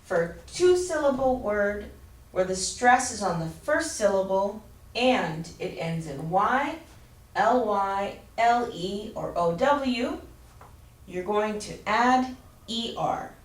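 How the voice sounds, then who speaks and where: A woman teaching an English grammar lesson, explaining slowly and clearly and spelling out letters. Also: medium pitch, lively intonation. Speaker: ESL teacher. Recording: roomy, distant mic with faint ambience.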